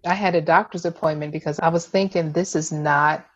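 A woman's voice: deep voice, fairly even intonation, a little fast. A woman chatting casually as a co-host, answering with short, responsive reactions. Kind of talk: casual chat. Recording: slightly dull lo-fi audio.

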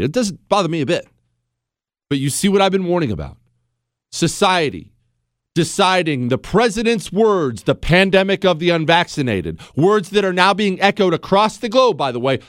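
A man's voice: fairly high pitch, no echo, studio quality. Emphatic sarcastic male talk host. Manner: sarcastic, emphatic, rhetorical questions. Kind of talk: political talk monologue.

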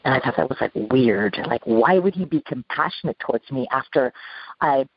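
A middle-aged woman recounting a past ordeal in an interview, halting, with many restarts and fillers. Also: rumbling low, animated, slightly rough. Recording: dull, lo-fi sound.

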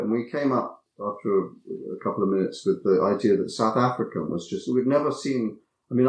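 A man being interviewed about his acting work, telling anecdotes in a reflective, halting way and often repeating words as he thinks. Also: fairly low pitch. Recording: roomy echo.

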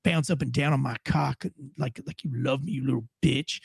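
Man doing a drunk young guy, low and slurring, lewd taunts, dry sound. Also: normal speed, gravelly, breathy edge, no echo, exaggerated voice. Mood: taunting.

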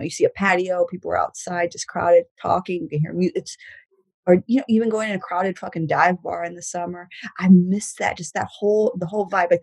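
Husky-voiced New woman, rambling. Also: on the low side, dry recording, rough recording. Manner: rambling, frequent likes and restarts, swears casually. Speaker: comedian guest. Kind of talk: casual podcast chat.

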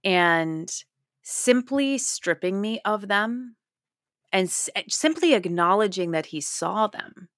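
A middle-aged woman as an interview guest, telling animated stories and acting out what others said. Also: medium pitch, takes it slowly, no echo, studio quality. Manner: animated storytelling, acts out quotes. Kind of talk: casual interview chat.

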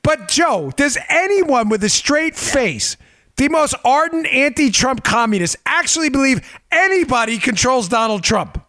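A man hosting a political talk show, animated and emphatic, sarcastic and quick to laugh. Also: very high-pitched, no echo, studio quality. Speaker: host.

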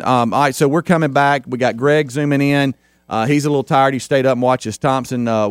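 A man's voice: medium pitch, no echo, clean studio sound. A middle-aged man hosting a casual talk radio show, rambling with lots of fillers and restarts.

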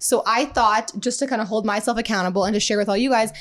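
A woman's voice: on the high side, quick pace. A young woman from the Midwest co-hosting a casual podcast, upbeat and chatty, full of "like" and "um". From Midwestern United States. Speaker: podcast co-host. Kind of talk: casual chat.

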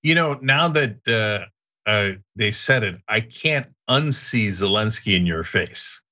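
A man's voice: fairly low pitch, lively intonation, slow, sharp tone, highs cut off. A man hosting a live show, reading viewer comments and bantering with frequent laughs. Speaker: show host.

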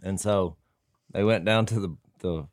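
A man telling a lively story on a podcast, quoting himself and others. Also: low voice, unhurried, dry recording, clean studio sound. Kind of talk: casual storytelling.

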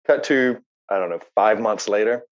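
A man, an actor guest, telling animated, jokey stories in a casual interview. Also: lowish voice, moderate pace, dull audio.

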